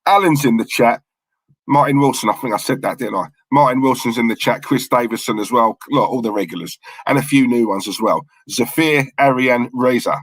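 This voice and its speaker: A man's voice: medium pitch, a little fast, no room sound, low-quality recording. A man hosting a live football watchalong, chatting with viewers and reading out team lineups in a casual, bantering way. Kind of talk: casual live-stream chat.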